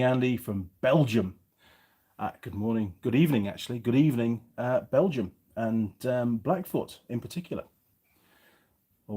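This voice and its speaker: He's a middle-aged Englishman with a partly faded Yorkshire accent, hosting a YouTube mechanic channel. Chatting casually on a livestream, he reads viewer comments aloud in a mid-range, darkish-toned voice.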